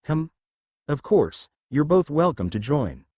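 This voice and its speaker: A man reading the lines of a cool, laid-back young man in a storybook narration, relaxed and dry. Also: on the high side, unhurried, no echo.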